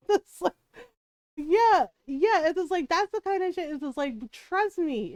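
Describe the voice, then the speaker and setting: A middle-aged woman with a high voice chats on her stream and tells stories from family life. She laughs a lot and keeps checking in with her listeners. Her voice sounds close and dry on the mic. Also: animated, unhurried, darkish tone, no room sound. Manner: laughs often, keeps asking "right?". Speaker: streamer and mother. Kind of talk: casual storytelling chat on a live stream.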